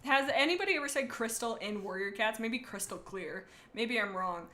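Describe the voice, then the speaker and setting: A woman streamer reading fanfiction aloud on a casual livestream, giggling and rambling through animated asides. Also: a little high, normal speed.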